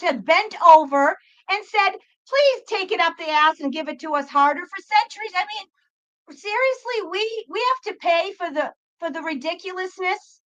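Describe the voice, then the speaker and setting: A woman's voice: extremely high pitch, fairly bright tone, poor audio. A woman hosting a psychic livestream, talking back to her chat in a profane, exasperated rant. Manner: talks back to chat viewers.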